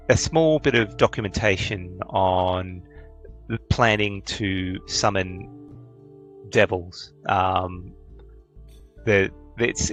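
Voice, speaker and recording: A game master with a lowish, slightly bright voice runs a tabletop game. He sounds hesitant, with lots of ums and restarts.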